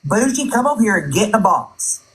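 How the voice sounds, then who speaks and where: Firm, lower-voiced woman in an argument. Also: sing-song, brisk, fairly bright tone, low-quality recording. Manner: firm, exclaiming. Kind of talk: live argument.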